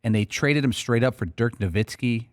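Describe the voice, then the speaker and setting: A man's voice: mid-range voice, normal speed, dry recording, studio quality. A man producing a sports talk radio show, chatting casually and reminiscing about past drafts. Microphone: studio microphone.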